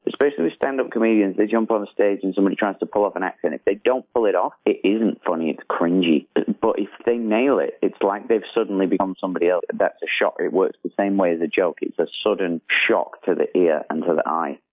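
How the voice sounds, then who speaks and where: A comedian talking casually in an interview about doing accents, relaxed and self-deprecating. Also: male voice, sits low, fast talker, hardly any pauses, no echo. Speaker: comedian and tattoo artist. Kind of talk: interview answers. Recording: phone-like dry line.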